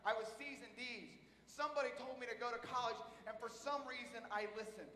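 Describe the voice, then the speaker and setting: High-pitched, bright, animated male keynote speaker. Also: brisk. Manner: animated, storytelling, audience call-and-response. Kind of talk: motivational keynote speech. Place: large conference hall. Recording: echoey hall from far off.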